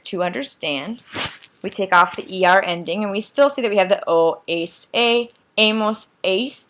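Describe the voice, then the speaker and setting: A woman's voice: mid-range voice, fairly bright tone. A woman teaching a Spanish lesson, walking through verb endings step by step and checking in with her listeners. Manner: deliberate, repeats forms and checks in with "right?". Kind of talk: slow, patient classroom explanation.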